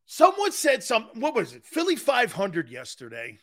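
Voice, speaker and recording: A man's voice: very high voice, normal speed. A male sports talk show host bantering with live chat, teasing and sarcastic, laughing often and repeating himself. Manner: animated, repeats words and restarts.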